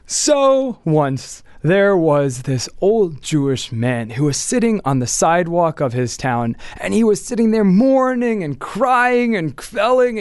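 A man who is a storyteller telling a folk tale, expressive and rising into plaintive wails. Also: high-pitched, smooth, no echo, clean studio sound.

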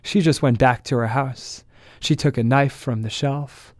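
A man narrating a folk tale as the show's storyteller, in a steady, plain manner. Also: medium pitch, a little slow, no echo, studio quality. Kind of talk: scripted narration.

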